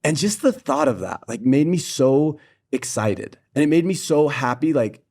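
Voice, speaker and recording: A man's voice: a little high, normal speed. A young man co-hosting a faith podcast, chatting casually and telling a personal story with animation. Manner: animated storyteller who acts out the people he quotes. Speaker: podcast co-host.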